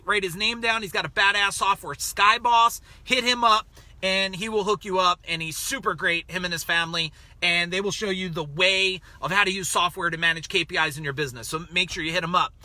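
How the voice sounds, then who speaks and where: A man's voice: sits high, bright, forceful tone, no room sound. A man hosting a casual motivational live stream, greeting viewers by name in a chatty, emphatic way while he waits outside a store. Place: outside a grocery store waiting in a car.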